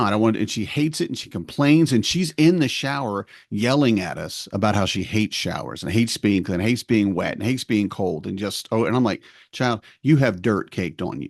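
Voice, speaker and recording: A man's voice: fairly low pitch, vocal fry, dry recording, clean studio sound. A middle-aged man co-hosting a podcast, rambling through a family story and acting out the lines of the people in it. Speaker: podcast co-host. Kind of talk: casual chat.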